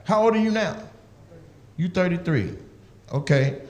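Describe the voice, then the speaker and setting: A man's voice: sits high, animated. A male comedian doing profane, teasing crowd work with audience members. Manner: teasing, profane, quick banter. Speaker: stand-up comedian.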